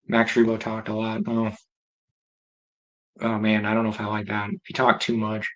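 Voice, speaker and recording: A man's voice: on the low side, completely flat delivery, moderate pace, poor audio. A man hosting a livestream, chatting casually and rambling as he reacts aloud to viewer comments. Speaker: livestream host.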